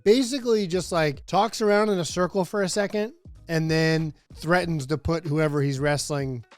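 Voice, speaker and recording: A man with a fairly high voice hosts a comedic wrestling review. He rambles sarcastically in a dry, close recording, with faint music underneath. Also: fairly even intonation, moderate pace, smooth, dry recording. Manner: rambling, sarcastic, many fillers, laughs often. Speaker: host.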